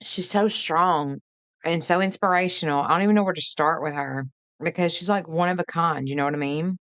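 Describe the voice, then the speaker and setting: Chatty woman with a low voice. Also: fairly quick, fairly bright tone, dry recording. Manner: chatty and folksy, greets viewers by name, laughs easily. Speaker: live-stream host. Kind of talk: late-night live-stream chat with viewers.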